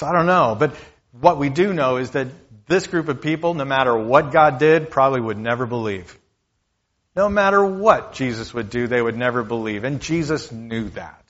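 A man delivers a sermon in a relaxed, conversational style. He often repeats key lines for emphasis and talks directly to his listeners. The recording sounds a little dull and muffled. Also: a little high, unhurried. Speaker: pastor.

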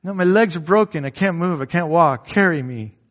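A man's voice: on the high side, animated, fairly quick, a bit bright, voice pushed up. A man voicing a whiny little girl who begs to be carried, pleading and helpless. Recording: dull lo-fi recording.

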